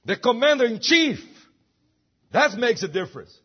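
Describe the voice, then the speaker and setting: A man's voice: extremely high pitch, sing-song, normal speed, breathy edge, highs cut off. A man preaching a sermon, emphatic and full of rhetorical questions. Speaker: pastor.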